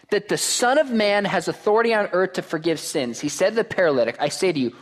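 A man's voice: high voice, brisk. A man preaching a sermon to a congregation, reading verses aloud and putting questions to the crowd. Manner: animated, asks the crowd questions. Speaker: pastor.

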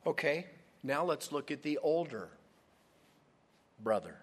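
A man's voice: fairly high pitch, big pitch swings, slow pace, breathy edge. A man preaching a sermon, retelling a story expressively and acting out the voices of its characters. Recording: long hall reverb.

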